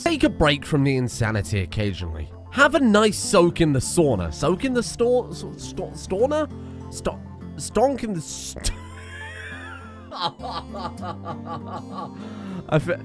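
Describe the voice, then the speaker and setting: A man streaming a game and chatting casually in a rambling, self-mocking way, often swearing. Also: mid-range voice. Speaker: gaming streamer.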